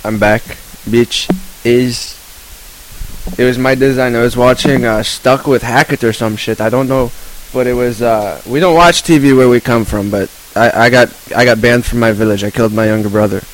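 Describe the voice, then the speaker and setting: A man's voice: mid-range voice, fairly even intonation, moderate pace, lightly acted, low-quality recording. A man playing an unhinged rock guitarist in an improvised comedy interview, rambling and stumbling over absurd claims.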